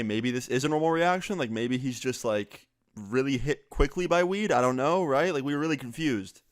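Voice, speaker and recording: A young man tells a story in a casual, lively way, acting out what his friends said and leaning on "like" as he goes. His voice sits at an ordinary middle pitch for a man. The sound is dry and close, with almost no room echo. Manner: animated, quotes friends in quick back-and-forth, many "like" fillers.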